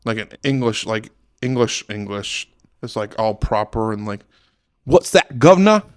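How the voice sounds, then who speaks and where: A man's voice: on the low side, flat delivery, normal speed, clean tone, no echo, studio quality. A young man hosting a casual podcast chat, rambling and playful. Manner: rambling, playful, mock accents. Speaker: podcast host.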